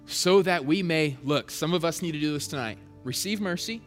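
A man preaching a sermon with passion, swinging between loud urgent stretches and hushed quiet ones. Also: a little high, moderate pace, hardly any pauses. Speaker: pastor. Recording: long hall reverb, soft music behind.

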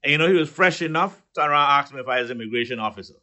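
A man hosting talk radio, answering a caller in a measured, conversational way. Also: mid-range voice, animated, pushed and bright, dull audio.

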